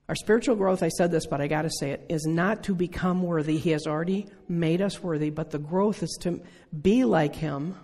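A preacher in their sixties delivers an earnest sermon in a conversational style, full of rhetorical questions. The voice is mid-range and warm with a breathy edge. A large hall gives the recording long reverb.

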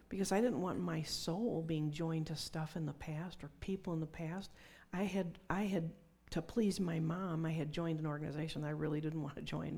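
A woman's voice: low voice, vocal fry, dark tone, husky. A middle-aged woman preaching a conversational sermon with personal testimony, dropping to whispers for emphasis.

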